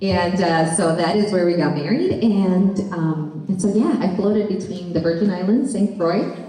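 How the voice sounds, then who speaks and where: A woman, a voice actress, chats animatedly with fans at a convention panel, dropping in Spanish now and then. Her voice is low and mellow. The mic sits far off in a very echoey hall. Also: normal speed. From Colombian family, born in Florida. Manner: chatty, animated, laughs often, mixes in Spanish. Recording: echoey hall, distant mic, audience noise.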